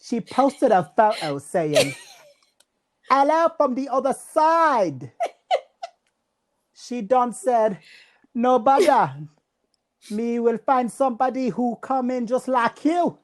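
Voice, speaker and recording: A woman's voice: on the high side, animated, slow pace, pauses often, pitched above the performer's own voice. A woman putting on an exaggerated Jamaican-British island woman voice, giggly and slipping into laughter. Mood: playful.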